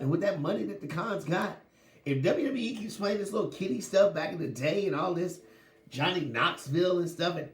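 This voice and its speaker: Animated male sports-talk host, a bit high-pitched, slangy, recorded in a roomy space. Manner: animated, slangy, laughs while talking. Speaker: podcast host.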